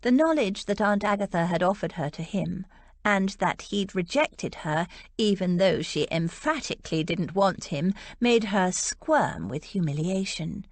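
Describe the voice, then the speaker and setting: Expressive woman reading a romance novel. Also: medium pitch, unhurried, no room sound. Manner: expressive storytelling. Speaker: audiobook narrator. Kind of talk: scripted narration.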